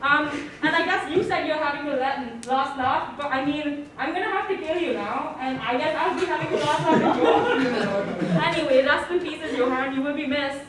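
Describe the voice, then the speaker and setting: A woman's voice: high-pitched, fairly quick, few pauses, crowd noise, close to an everyday voice. A young woman playing a sarcastic professor giving a eulogy. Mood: mocking. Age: young adult. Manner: sarcastic, casual, swearing. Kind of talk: improv comedy scene. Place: stage in a university hall. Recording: echoey hall from far off.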